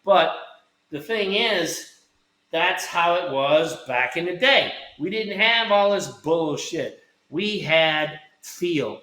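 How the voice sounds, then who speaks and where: A man's voice: on the high side, animated, slow pace, sharp tone. Blunt, cursing man in a roomy space. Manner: blunt, profane and rambling. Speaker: co-host, former hitter. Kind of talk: casual podcast chat. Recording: roomy echo.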